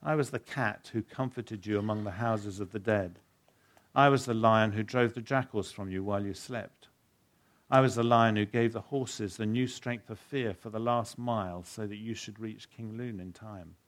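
A man doing a deep, slow, solemn lion. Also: natural voice. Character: great lion, majestic, calm and deep-voiced.

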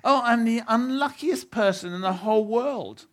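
A man's voice: very animated, moderate pace, a little mellow. A man putting on a scared, pleading boy's voice. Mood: frightened. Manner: pleading, high and anxious. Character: frightened, self-pitying boy lost in the dark.

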